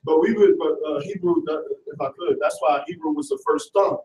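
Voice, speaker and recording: A man speaking as a student in a live class, talking quickly in a casual, rambling way. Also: fairly high pitch, darkish tone. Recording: echoey and distant, faint background hiss.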